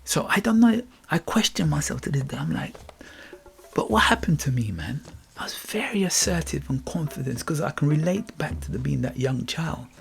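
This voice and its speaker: A man's voice: fairly high pitch, fairly quick, creaky, few pauses, soft background music. A middle-aged man from Guyana with a Guyanese Caribbean accent, hosting a reflective motivational podcast monologue, musing, repeating words and checking in with "you get me?". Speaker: podcast host. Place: England.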